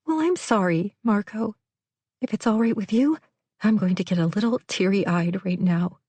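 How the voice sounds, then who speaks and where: A woman's voice: medium pitch, moderate pace, mellow, husky, dry recording, pitched above the performer's own voice, lightly acted. A woman voicing a tender-hearted, headstrong adult woman who talks in an emotional, teasing way. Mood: teary.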